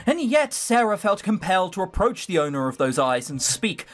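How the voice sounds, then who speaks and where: A man's voice: high voice, very animated, moderate pace, faint music behind. A man hosting a let's play, reading a visual novel aloud with sardonic, swearing asides.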